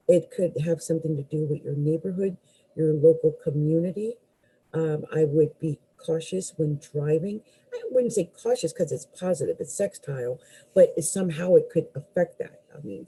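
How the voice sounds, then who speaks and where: A woman's voice: fairly low pitch, mellow, breathy edge, low-quality recording. A woman astrologer giving a live tarot reading, musing aloud with hesitant fillers and restarts and exclaiming in surprise as cards fall out.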